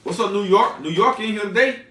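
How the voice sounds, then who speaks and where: A man's voice: high-pitched, a little fast, bright, forceful tone, reverberant, far from the mic. A man chatting casually on a livestream, reading out viewer names and repeating himself in loose slang.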